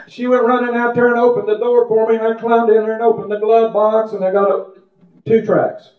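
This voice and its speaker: In a church service, a man delivers a fervent testimony sermon in a high voice that barely shifts in pitch, speaking at a normal speed with long pauses. He climbs as he prays aloud and drifts into folksy storytelling. The audio echoes like a big room and sounds thin, as if carried over a phone line.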